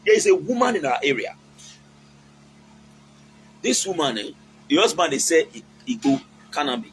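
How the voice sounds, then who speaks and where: A man's voice: a little high, very animated, moderate pace, a little hiss or hum, low-quality recording. A man with a Nigerian accent giving casual, preachy relationship advice, mixing in Pidgin and acting out quotes.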